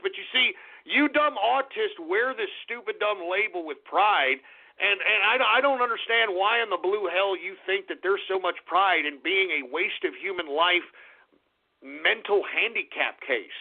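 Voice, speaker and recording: A male radio show host in an abrasive talk radio rant, often breaking into shouting. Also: sits high, creaky. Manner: abrasive, ranting, bursts into shouting. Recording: narrow phone-like radio audio.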